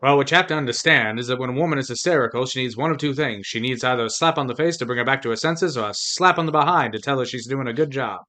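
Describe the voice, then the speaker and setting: A man voicing a pompous, old-fashioned chauvinist gentleman with a put-on transatlantic accent, lofty and mock-serious. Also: medium pitch, quick pace, few pauses, natural voice. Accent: mid-Atlantic put-on accent.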